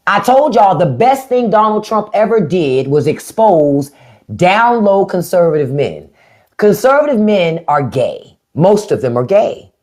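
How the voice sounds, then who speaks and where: A woman's voice: medium pitch, sing-song, measured pace, a little mellow. A woman hosting a live stream in an unfiltered, profane and sarcastic rant, with features. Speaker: livestream host.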